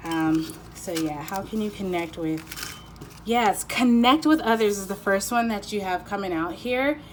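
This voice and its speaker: A woman giving a casual pick-a-card tarot reading. She talks in an excited, giddy, rambling way and swears freely. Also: fairly low pitch, noisy background.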